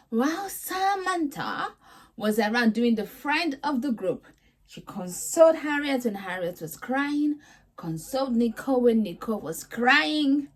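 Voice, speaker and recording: Sassy woman vlogger, higher voice. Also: expressive, measured pace. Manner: sassy, exasperated, chatty. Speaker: vlogger host. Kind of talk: casual reality TV recap.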